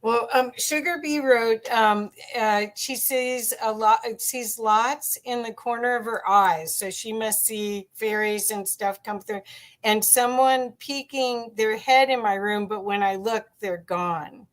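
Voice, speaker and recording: Female interviewer, casual and hesitant, fairly high pitch, fumbles for words. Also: takes it slowly. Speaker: host, interviewer.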